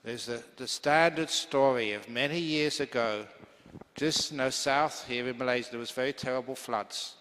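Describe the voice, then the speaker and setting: A man's voice: mid-range voice, normal speed, fairly bright tone. A man, a Buddhist monk teacher, giving a humorous, chatty dharma talk full of stories. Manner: humorous, chatty, laughing easily. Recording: long hall reverb.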